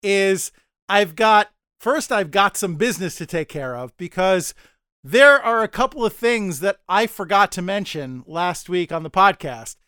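A man's voice: sits high, animated, a little slow, pushed and bright, smooth, no echo, studio quality. A man co-hosting a podcast, recapping a TV episode in a rambling, self-deprecating way with mock-dramatic asides. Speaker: podcast co-host.

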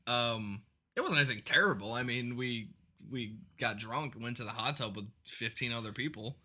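A man's voice: medium pitch, moderate pace, pushed and bright. A man on a podcast telling a story in casual, profane chat. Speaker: podcast co-host.

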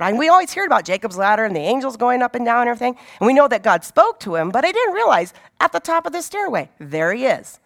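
A woman's voice: sits high, big pitch swings, quick pace, creaky, few pauses. A woman giving an informal Bible teaching in a conversational way, often asking her listeners rhetorical questions.

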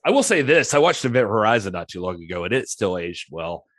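A man's voice: on the low side, sing-song, fairly quick, a bit bright, dry recording, studio quality. A man co-hosting a podcast, speaking casually with laid-back, teasing banter. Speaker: podcast co-host.

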